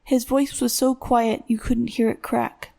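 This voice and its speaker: A woman narrating a dramatic thriller audiobook in a steady storytelling voice. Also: fairly high pitch, measured pace, vocal fry.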